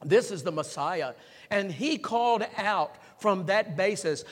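A man preaching a sermon, repeating phrases and building up to shouts, and calling on the congregation to respond. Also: sits high, animated, takes it slowly. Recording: long hall reverb.

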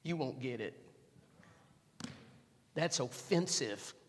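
A man preaching a sermon as pastor, dropping his voice low and then building up to loud, emphatic exhortation. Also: lively intonation, takes it slowly, big-room sound.

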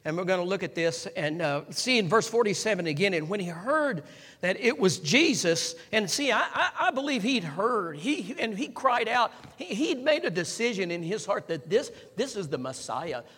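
Man preaching, high bright voice, repeats lines, rising shouts, long reverb from a church hall. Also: sing-song, normal speed, husky. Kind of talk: sermon.

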